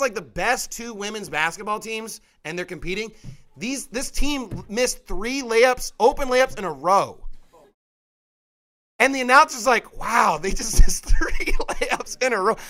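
A young man preaches a sermon in a high voice. He is emphatic and forceful and often pushes up into sharp, rising outbursts. His tone is bright and edgy.

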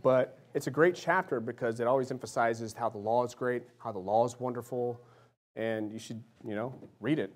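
A man in his thirties preaching a casual sermon, conversational, often checking in with "right?" and "amen?", sometimes acting out little voices and dropping soft and low. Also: normal speed.

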